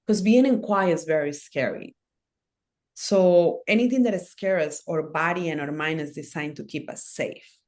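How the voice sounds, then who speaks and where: A woman interview guest who talks about healing and ceremonies in an earnest, unhurried way, in short phrases with fillers. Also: low voice, a little mellow. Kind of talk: reflective conversational interview.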